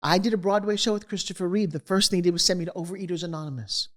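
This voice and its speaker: Middle-aged woman, slightly low voice, candid and animated interview storyteller. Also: rapid-fire. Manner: animated, acts out quoted voices. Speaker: guest.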